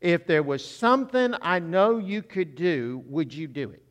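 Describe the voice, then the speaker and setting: A man's voice: on the high side, big pitch swings, a little slow, fairly bright tone. A man voicing a five-year-old granddaughter who is eager and wheedling, in a church with long reverb.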